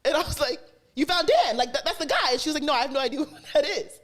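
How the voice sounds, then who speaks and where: A woman's voice: high-pitched, racing. A woman co-hosting a podcast, telling a story in casual chat and acting out the dialogue. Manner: animated storytelling with quoted dialogue. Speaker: podcast co-host.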